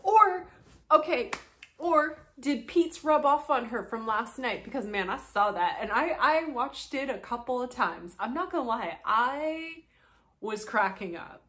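A woman's voice: on the high side, animated, a little slow, fairly bright tone. A young woman talks through drama in a loose, casual commentary. She's sarcastic, swears freely and keeps breaking into laughter. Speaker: commentary channel host.

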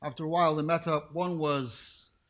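A middle-aged man giving a formal lecture, telling anecdotes with careful, precise diction, measured pacing and dry humor. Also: fairly high pitch, steady tone, a bit bright. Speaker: rabbinic lecturer.

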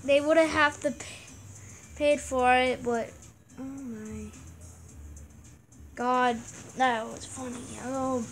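High-voiced woman chatting over gameplay. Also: fairly even intonation, slow pace, pauses often, fairly bright tone, faint music behind. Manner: chatty, giggly, reads game text aloud. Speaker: gameplay video host. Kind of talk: casual gameplay commentary.

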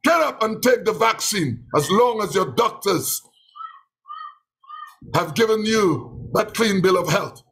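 A man's voice: sits high, lively intonation, slow, fairly bright tone, breathy edge, soft background music, rough recording. A man with a Trinidadian accent preaching a sermon, impassioned and emotional, with many repeated exclamations of praise. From Trinidad and Tobago.

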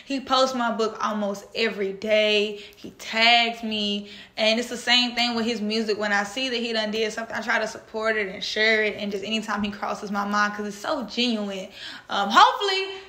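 A young woman from Texas, a vlog host and author, telling a story in a casual, animated way and acting out the voices of people she quotes. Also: medium pitch, moderate pace. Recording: echoey room.

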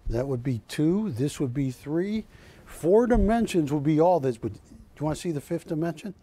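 A man putting on the voice of a tiny elderly male artist, asking hushed, coaxing questions while telling a story. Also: a little high, lively intonation, normal speed.

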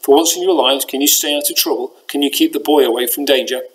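A man's voice: mid-range voice, fast, close to an everyday voice, rough recording. A man doing a stern starship captain, firm, commanding, storybook. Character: stern protective ship captain, male.

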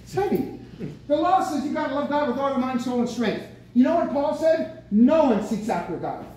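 A man preaching a lively sermon at a senior center, bursting out with excited exclamations. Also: very high-pitched, moderate pace. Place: senior center meeting room. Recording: very echoey room, mic from far off, faint noise.

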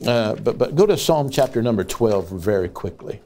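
An older man preaching a sermon as an evangelist. He moves from folksy storytelling to rising, loud preaching cries. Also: on the low side, expressive, moderate pace, slight background noise.

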